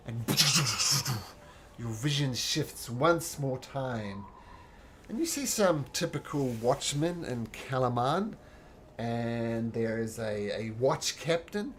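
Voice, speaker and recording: A man narrating as game master in a tabletop game, relaxed and full of fillers. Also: mid-range voice, takes it slowly, slight background noise.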